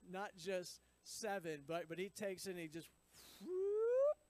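A man's voice: sits high, fairly even intonation, measured pace, no room sound, low-quality recording. A man reading scripture aloud and explaining it in a chatty teaching style, with frequent asides to his listeners. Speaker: Bible teacher.

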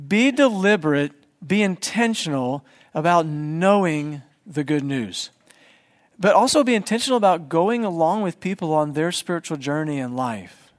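A man's voice: a little high, lively intonation, normal speed. A man in his forties, a pastor, giving a conversational sermon in church and putting questions to the congregation.

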